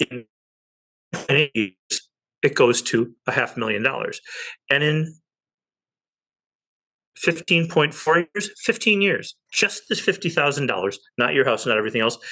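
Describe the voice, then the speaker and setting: A man's voice: mid-range voice, vocal fry, bright, forceful tone. Emphatic man explaining money. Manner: emphatic, with frequent "okay?" check-ins. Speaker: interview guest. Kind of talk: animated explanatory talk.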